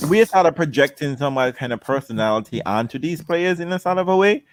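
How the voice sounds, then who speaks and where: A man co-hosting a casual podcast, rambling and joking with halting restarts. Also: on the high side, expressive. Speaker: podcast co-host. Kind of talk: casual chat.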